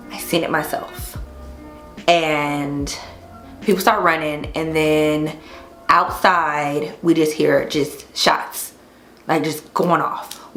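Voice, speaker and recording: Chatty woman vlogging in an echoey room. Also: sits low. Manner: animated, chatty, swears casually. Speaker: hair vlogger. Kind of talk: casual storytelling while installing a wig.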